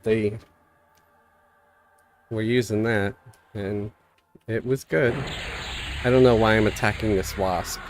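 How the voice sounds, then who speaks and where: A man's voice: lowish voice, slow pace, long pauses, a little hiss or hum. A man streaming a game live, chatting casually and reading viewer messages aloud, a bit stuffy from a cold. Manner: relaxed, rambling, reads chat aloud.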